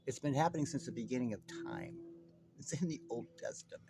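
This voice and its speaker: A man's voice: medium pitch, quick pace, music in the background. A man delivering a heated true-crime monologue straight to his viewers, agitated, profane and rambling. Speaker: online commentator.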